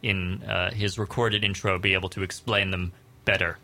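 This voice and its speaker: Wry bright-voiced man co-host. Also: low voice, flat delivery, normal speed. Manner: wry, stumbling restarts while joking. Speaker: radio show co-host. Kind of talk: casual comedic banter.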